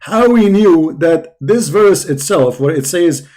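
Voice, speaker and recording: A man's voice: a little high, measured pace, hardly any pauses, darkish tone. A man giving a polemic religious talk, sarcastic and mocking, with heavy repetition for emphasis. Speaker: religious debater.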